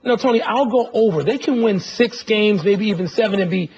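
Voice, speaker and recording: High-pitched dude arguing sports picks hard, muffled sound, music in back. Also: male voice, brisk, background noise. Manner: emphatic, insistent arguing. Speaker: sports TV co-host. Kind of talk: argumentative sports banter. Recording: muffled podcast audio with music underneath.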